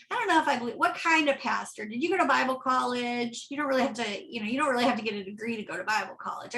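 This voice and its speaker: Bright-voiced woman pastor preaching. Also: fairly high pitch, very fast, hardly any pauses. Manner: conversational, often asking "right?". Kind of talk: sermon. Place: church.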